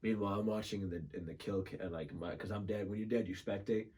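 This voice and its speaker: Husky-voiced man telling a gaming story. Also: fairly low pitch, fast talker. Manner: animated, laughs often, swears freely. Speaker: podcast guest. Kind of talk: casual storytelling chat.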